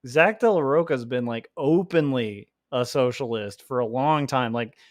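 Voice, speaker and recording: Talking at a normal speed in a medium pitch, a man rambles on his livestream while drawing comics, laughing a lot and leaning heavily on "like." The sound is studio quality with no echo.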